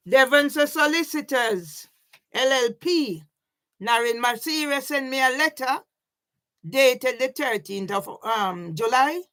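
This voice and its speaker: Agitated high-voiced woman vlogging. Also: pushed and bright. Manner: agitated, heavy swearing, repeated questioning "yeah?". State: sleepless and overwrought. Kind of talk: emotional personal vlog monologue.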